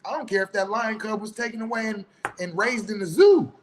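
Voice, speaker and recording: A man's voice: high-pitched, a little fast, slight background noise, low-quality recording. Heated, preachy man with a slightly raised voice. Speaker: online commentator. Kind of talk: opinion monologue.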